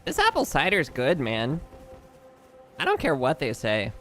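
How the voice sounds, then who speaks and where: Joking young male streamer, slightly high voice. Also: wildly swooping pitch, a little slow, sharp tone, soft background music. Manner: exasperated, joking banter with chat. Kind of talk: casual live-stream commentary.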